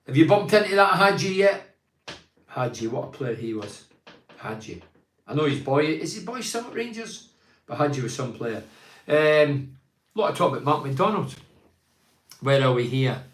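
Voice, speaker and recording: A man's voice: mid-range voice, very animated, moderate pace, pauses often. A man, hosting a casual football chat show, telling rambling stories and reading out viewer comments with many restarts. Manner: rambling, chatty storytelling with frequent restarts. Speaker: football pundit and show host. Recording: roomy echo.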